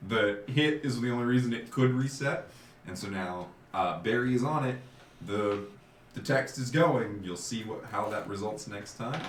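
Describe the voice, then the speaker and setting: A man running a tabletop game as game master, casual and quick to laugh. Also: medium pitch, a little hiss or hum. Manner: laughs often, loose and joking. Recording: echoey room, distant mic, faint background.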